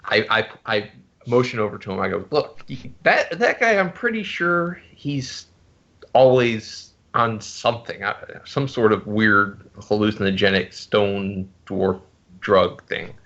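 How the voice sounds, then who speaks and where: A man playing a tabletop game, talking in an animated, stammering way as he pleads his character's case. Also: lowish voice, measured pace, creaky. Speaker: player. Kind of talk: casual game talk. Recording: muffled lo-fi recording.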